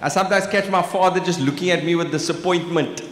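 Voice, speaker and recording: A man's voice: high-pitched, fast talker, slight background noise. A man in his forties with a South African accent doing live stand-up in a large hall, teasing the crowd. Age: 40s. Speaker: stand-up comedian. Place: large exhibition hall stage. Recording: echoey hall with room ambience.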